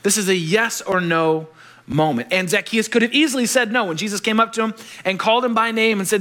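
Bright-voiced, animated male preacher. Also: high voice, a little fast. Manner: animated, joking, acts out quoted voices. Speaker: pastor. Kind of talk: sermon.

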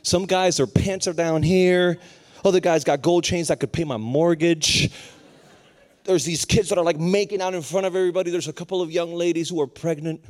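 A young adult man preaching a storytelling sermon, animated and acting out the voices of people in his story. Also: on the high side, a little fast. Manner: animated, acts out voices of others.

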